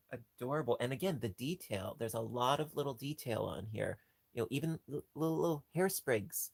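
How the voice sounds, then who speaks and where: A man chats casually as a livestream host in a mid-range voice, rambling along with restarts and ums. He keeps gushing and breaking into squeaky high squeals. The sound is dry and close, with no room echo. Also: vocal fry. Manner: gushing, jumps to squeaky high pitch on cute things.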